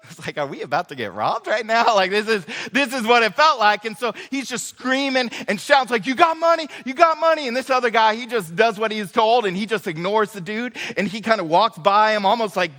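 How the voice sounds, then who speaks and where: A man's voice: high voice, a little fast, hardly any pauses, bright, forceful tone. Pastor guy, chatty joking sermon, lots of uhs, big echoey church. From Northwest Arkansas. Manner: casual, joking storyteller with many fillers. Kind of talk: sermon with storytelling. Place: church sanctuary. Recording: reverberant church hall.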